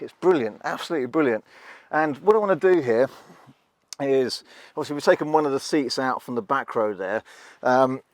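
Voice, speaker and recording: A man's voice: mid-range voice, dry recording. A man chatting casually in a wry, self-mocking way while showing off the inside of a passenger van. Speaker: van reviewer. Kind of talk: casual hands-on vlog demo.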